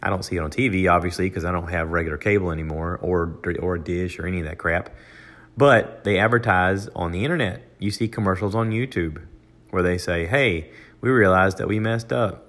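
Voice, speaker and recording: An older man with a very low voice talks loosely through a solo podcast, with an American accent. He wanders from point to point with plenty of "uh" and "you know", and restarts his sentences. When he quotes someone, his pitch jumps up. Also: fairly quick, a bit bright. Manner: rambling, conversational, with many fillers and restarts. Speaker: podcast host. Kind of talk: casual solo monologue.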